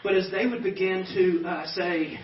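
A pastor giving a personal testimony to a banquet audience, telling it as animated stories with self-deprecating humor. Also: male voice, sits high, normal speed, a little hiss or hum. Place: banquet hall. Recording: echoey hall, distant mic, dull sound.

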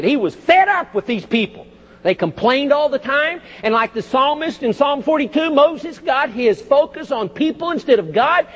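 A pastor preaching a sermon, with lively emphasis and folksy asides, recorded in a church. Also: male voice, extremely high pitch, breathy edge. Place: church sanctuary. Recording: dull audio with long church reverb.

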